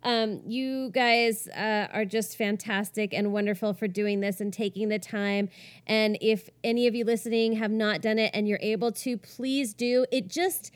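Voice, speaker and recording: A woman's voice: medium pitch, steady tone, normal speed. A woman co-hosting a podcast, chatting casually and reading listener reviews aloud in a bubbly, giggly way with many fillers. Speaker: podcast co-host.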